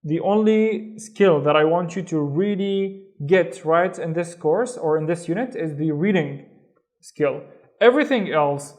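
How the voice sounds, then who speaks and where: A man teaching a beginners' reading lesson, patient, slowly repeating each syllable. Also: on the high side, animated, a little mellow. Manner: patient, slow repetition of syllables. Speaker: Arabic teacher.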